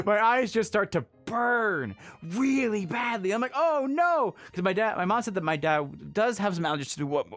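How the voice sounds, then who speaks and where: A man's voice: on the high side, fairly bright tone. A man casually telling a travel story on a livestream, laughing often and breaking off to answer chat.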